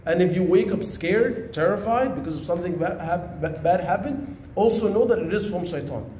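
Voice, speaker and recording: A man with a high, mellow voice teaches a religious lesson. He talks casually and tells lively stories. The room echoes, with a faint hum of ambience behind. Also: normal speed. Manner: conversational, storytelling, animated. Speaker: Islamic teacher.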